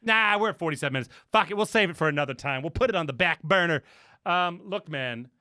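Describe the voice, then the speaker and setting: A man co-hosting a podcast in casual chat, rambling and swearing with plenty of excitement. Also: a little high, quick pace, dry recording, clean studio sound. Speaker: podcast co-host.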